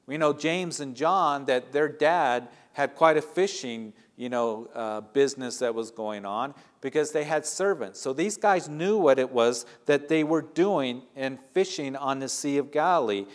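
A man's voice: mid-range voice, unhurried, few pauses. Man preaching a conversational sermon. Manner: conversational preaching, rising emphasis. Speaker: pastor.

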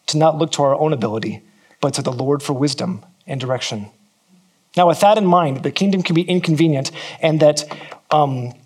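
A man's voice: on the high side, breathy edge. A man from California, preaching a sermon to a church and repeating key phrases for emphasis. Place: church in New Zealand.

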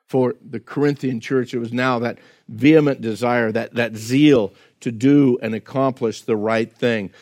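A man's voice: medium pitch, fairly even intonation, unhurried, hardly any pauses, a little mellow. A man preaching a sermon as pastor, in a conversational way, often repeating words and acting out quotes.

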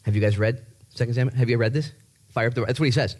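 A man preaching a sermon in a lively, joking way, repeating words and jumping up in pitch to stress a point. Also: racing, slightly rough. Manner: animated, jokey, repeats himself, voice jumps high for emphasis. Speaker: pastor.

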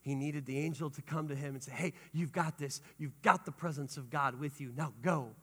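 A male pastor preaching a sermon with lively energy, rising to shouts and dropping to hushed tones. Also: fairly high pitch, a little fast, breathy edge. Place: church sanctuary. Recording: long hall reverb.

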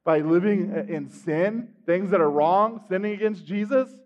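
High-voiced preacher in a reverberant hall. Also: male voice, a little slow. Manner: animated storytelling, acting out scenes, swings from loud to hushed. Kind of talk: sermon. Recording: dull sound with long hall reverb.

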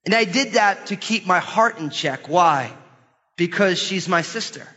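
A middle-aged man preaching a sermon in a church, lively and questioning his congregation. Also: high-pitched, measured pace. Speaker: pastor. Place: church hall. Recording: dull sermon recording in a large hall.

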